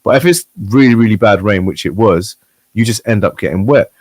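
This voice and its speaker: A man's voice: lowish voice, fairly quick, no echo. Guy telling a story on a chat show, does voices, dry close sound. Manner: animated storyteller, acts out quoted voices. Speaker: guest. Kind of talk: casual chat.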